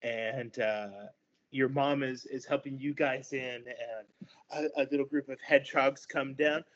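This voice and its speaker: A man narrating a tabletop game as game master, in a halting way with many fillers. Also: medium pitch, steady tone. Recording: dull lo-fi recording.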